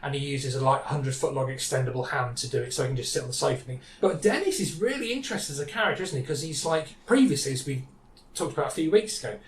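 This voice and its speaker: A man's voice: medium pitch, expressive, quick pace. A man co-hosting a podcast, chatting enthusiastically about comics and acting out characters' lines. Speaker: podcast co-host. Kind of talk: casual chat about comics. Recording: echoey room.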